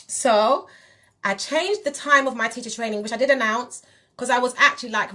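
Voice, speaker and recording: A woman's voice: on the high side, normal speed, sharp tone. Emphatic woman vlogging. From England. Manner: direct, emphatic, addresses viewers as "you lot". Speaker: spiritual teacher and vlogger. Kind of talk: candid monologue to camera.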